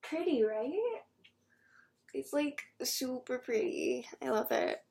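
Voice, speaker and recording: A woman's voice: sits high, slow, gravelly, darkish tone, a little hiss or hum. A young woman chatting casually to her camera as a vlogger, bubbly and giggly, often gasping and dropping into whispers. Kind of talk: casual vlog chat.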